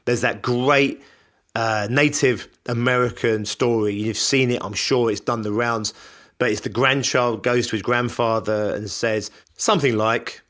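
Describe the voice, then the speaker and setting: A man's voice: medium pitch, steady tone, unhurried, a bit bright. A man hosting a podcast, delivering a conversational, reflective self-help monologue and repeating phrases for emphasis. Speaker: podcast host.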